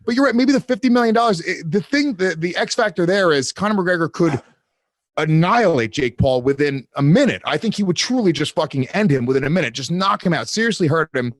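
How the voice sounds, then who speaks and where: A man's voice: a little high, animated, a little fast, dry recording, studio quality. A man co-hosting a podcast, talking loosely and profanely with some rambling. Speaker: podcast co-host. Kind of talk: casual podcast chat.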